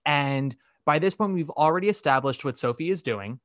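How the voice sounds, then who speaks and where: Animated man retelling a musical. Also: on the high side, moderate pace, no room sound, studio quality. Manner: animated storytelling, acting out quotes. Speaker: podcast co-host. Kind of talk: casual podcast chat.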